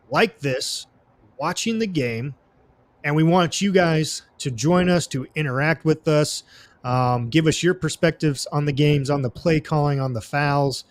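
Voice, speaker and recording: Man, sports podcast host, easygoing, lots of um and uh, fairly high voice, dry close sound. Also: no room sound. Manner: easygoing, many fillers, promotes upcoming show. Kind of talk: casual sports chat.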